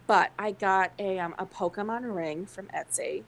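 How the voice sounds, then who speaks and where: A woman's voice: mid-range voice, moderate pace, gravelly, slight background noise, poor audio. A woman co-hosting a podcast, telling a story in casual chat with many fillers. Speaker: podcast co-host.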